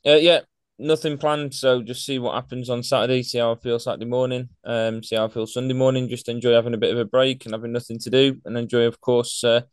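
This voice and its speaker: A man's voice: mid-range voice, flat delivery, fast, clear, resonant tone, no echo, studio quality. A man co-hosting a casual sports podcast, talking in a plain, matter-of-fact way. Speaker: podcast co-host.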